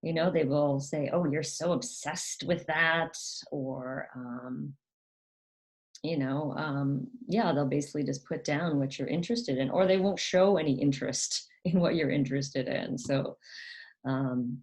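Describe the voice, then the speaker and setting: A woman's voice: low-pitched, a little slow, dark tone. A woman hosting her own channel, talking casually and hesitantly with many fillers, sometimes putting on a mocking voice to quote others. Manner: acts out quoted parents in a raised, mocking voice. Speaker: channel host. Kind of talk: casual talk to camera.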